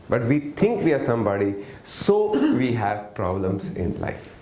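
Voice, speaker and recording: Fairly low in pitch and a little mellow, this man sounds very animated, speaking at a normal speed with few pauses. As a workshop teacher in an echoey room, he runs an interactive lesson, regularly questioning the audience, waiting for answers, and coaxing responses.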